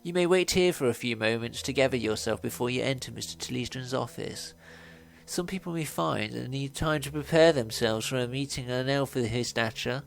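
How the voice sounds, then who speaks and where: A man's voice: mid-range voice, a little fast, gravelly, lightly acted. A man voicing a fussy, snobbish male elf butler in a put-on posh English accent. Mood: prissy, haughty.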